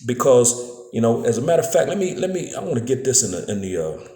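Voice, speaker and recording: A man's voice: mid-range voice, sing-song, fast talker, warm tone, roomy sound. A man giving a casual, phone-recorded scripture lesson, filling his talk with "man" and "you know what I'm saying" and stumbling over repeated words. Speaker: preacher. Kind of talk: street-style scripture lesson.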